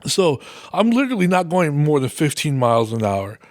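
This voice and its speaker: A man's voice: fairly high pitch, sing-song, fairly quick, no echo, clean studio sound. A man hosting a podcast, telling a rambling casual story full of swearing and laughing at himself. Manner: rambling, heavy swearing, laughs at his own stories. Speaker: podcast host.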